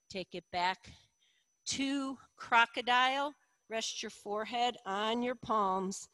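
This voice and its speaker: A middle-aged woman leading a yoga class, giving calm, encouraging cues with slow, deliberate phrasing. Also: on the high side, no room sound, rough recording. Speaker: yoga instructor. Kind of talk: guided yoga instruction.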